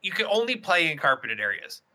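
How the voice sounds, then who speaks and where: A man's voice: a little high, big pitch swings, a little fast, sharp tone. A young man telling rambling stories in a casual podcast chat, swearing and restarting often.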